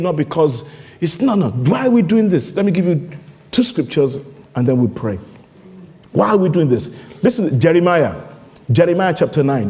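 A man's voice: on the high side, warm tone. A man with a Nigerian accent preaching a fervent sermon as pastor, repeating rhetorical questions to his congregation. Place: church hall. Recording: long reverb of a large hall.

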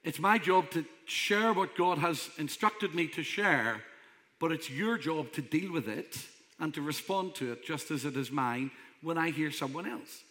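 Male pastor, emphatic conversational preacher, bright voice, reverberant hall. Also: a little high, a little slow. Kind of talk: sermon.

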